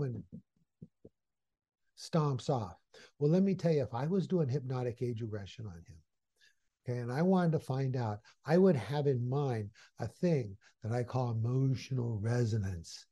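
A man teaching hypnosis, telling a story in an animated, folksy way. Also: fairly high pitch, moderate pace. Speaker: hypnosis trainer. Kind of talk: storytelling lesson.

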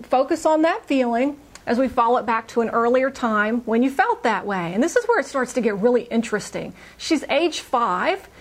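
Animated woman telling a client story. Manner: animated, acts out client's quotes in higher voice. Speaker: hypnotherapist. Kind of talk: casual storytelling on a podcast.

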